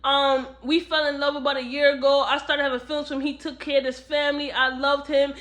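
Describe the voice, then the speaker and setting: A defensive, pleading middle-aged mother, as a woman reviewer quotes her. The voice stays bright and a bit high, close to the reviewer's own. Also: flat delivery, brisk.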